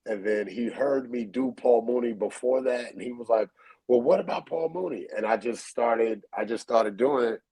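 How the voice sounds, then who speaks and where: A comedian, telling stories in a casual interview over a video call, relaxed and full of fillers. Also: male voice, mid-range voice, normal speed, hardly any pauses, husky, poor audio. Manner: relaxed, storytelling, many fillers. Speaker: comedian guest.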